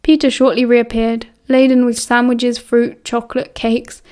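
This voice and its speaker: A woman's voice: a little high, flat delivery, measured pace, a little mellow. A woman narrating an audiobook, reading steadily and evenly. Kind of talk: reading fan fiction aloud.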